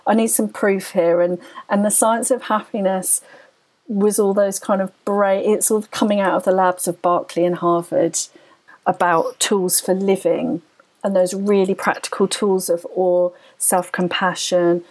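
Husky woman telling her story. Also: mid-range voice, fairly even intonation, measured pace, a little mellow, poor audio. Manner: earnest, tumbling phrases with restarts. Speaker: podcast guest. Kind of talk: personal storytelling.

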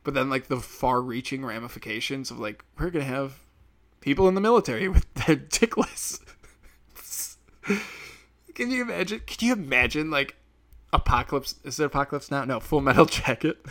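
A man's voice: mid-range voice, normal speed, a bit bright. Rambling, profane man hosting a solo podcast. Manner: rambling, profane, laughs at his own jokes; acts out quoted people in sudden bursts. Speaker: podcast host.

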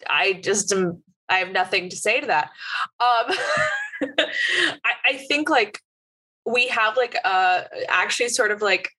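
A woman with a bright, crisp voice chatting casually during a game session. She rambles through her thoughts and leans on "like" over and over. Her pitch stays in an ordinary middle range. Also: rough recording. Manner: rambling, lots of "like". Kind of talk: casual chat.

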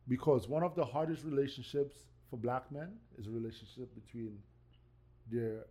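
A man's voice: medium pitch, normal speed, mellow. A man hosting a casual podcast chat, easygoing and prone to repeating phrases as he leads into a topic. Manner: easygoing, repeats himself while steering the talk. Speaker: podcast host.

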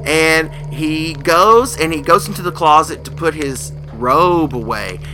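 A man's voice: a little high, a little slow, over music. A man telling a spooky story casually, acting out the characters. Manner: animated, acts out the characters' voices.

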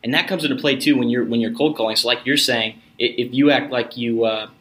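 A man's voice: mid-range voice, steady tone, fast, a bit bright. A man who works in sales, talking earnestly in a casual conversation and sometimes acting out phone calls. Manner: earnest, acts out phone lines. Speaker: guest, salesperson.

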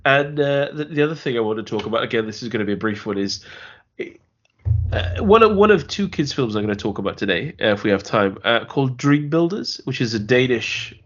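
A man co-hosts a casual film podcast, rambling through his thoughts with lots of restarts and laughs as he talks. His voice is a little husky and sits at a middling pitch. The audio is dull and lo-fi, like a remote call. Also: animated, brisk. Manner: rambling, repeats words, laughs while talking. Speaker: podcast co-host.

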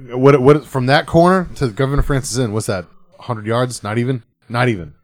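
A man co-hosting a podcast, telling a story in casual chat, profane and animated. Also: medium pitch, a little fast, no echo. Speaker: podcast co-host.

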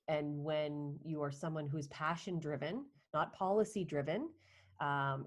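A woman hosts a podcast interview in a fairly low voice. She asks reflective questions in a casual way, often starting over partway through as she searches for her words. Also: darkish tone. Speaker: podcast host.

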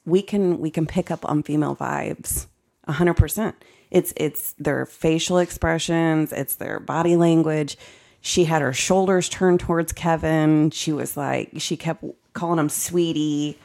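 A woman in a casual podcast chat, an animated and emphatic storyteller. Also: low voice, unhurried, vocal fry. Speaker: podcast guest, co-owner.

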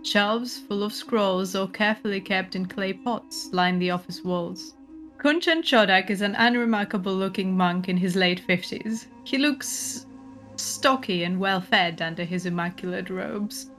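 A woman's voice: medium pitch, unhurried, fairly bright tone, soft background music. A woman narrating a tabletop horror game as game master, describing scenes and often laughing.

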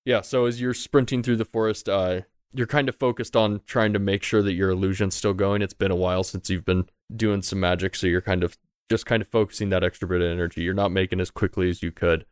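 A man narrating as game master of a tabletop role-playing game, in a loose, relaxed way with fillers. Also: deep voice, fast talker, clear, resonant tone, no echo, clean studio sound.

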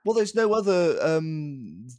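A man's voice: a little high, big pitch swings, takes it slowly, darkish tone, no room sound. A man co-hosting a casual podcast chat, ranting in an exasperated way and swearing freely. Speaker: podcast co-host.

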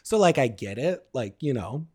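A man in his forties co-hosting a podcast, telling self-mocking stories in animated, casual chat full of fillers. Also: medium pitch, moderate pace, breathy edge. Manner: animated storytelling, frequent "like" fillers; self-mocking, laughs at himself. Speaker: podcast co-host.

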